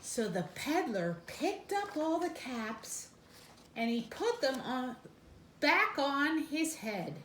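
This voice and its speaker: A woman reading a children's storybook aloud in an expressive, sing-song way, speaking to boys and girls. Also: sits high, takes it slowly. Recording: roomy echo, faint background noise.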